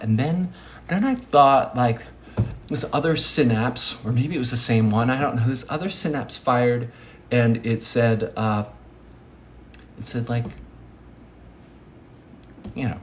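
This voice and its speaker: A man's voice: mid-range voice, unhurried, long pauses, slight background noise. A man giving a rambling casual monologue, hesitant with many fillers, often dropping to a near-whisper. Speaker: vlogger.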